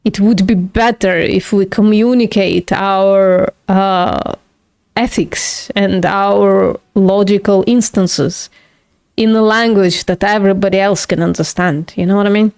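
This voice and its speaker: A woman's voice: mid-range voice, steady tone, measured pace, vocal fry, a little mellow, clean tone, no echo, clean studio sound. A woman hosting a live stream, chatting casually with viewers, swearing and laughing at herself. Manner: casual, swears, laughs often, self-mocking. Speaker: livestream host studying logic.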